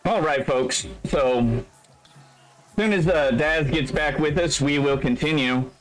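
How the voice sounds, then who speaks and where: A man's voice: a little high, measured pace, faint music behind, low-quality recording. A man running an online tabletop game as game master, wry and jokey, his voice cracking now and then.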